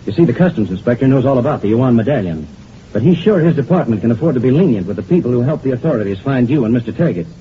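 A man's voice: medium pitch, animated, rapid-fire, lightly acted. An actor playing a wry male college professor in a 1940s radio drama, talking a lot with dry humor. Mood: relieved, dry. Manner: dry, talkative, wryly joking. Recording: dull, hissy old radio recording.

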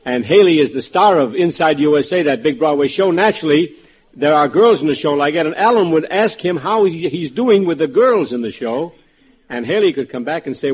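A man on a radio comedy panel, chattily pitching gags and acting out quoted lines. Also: lively intonation, a little fast. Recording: muffled old broadcast with studio audience.

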